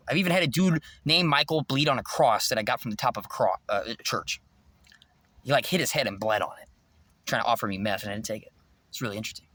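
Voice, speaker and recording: A man's voice: medium pitch, sharp tone. A man vlogging in a rambling, preachy spiritual monologue, intense and swearing freely.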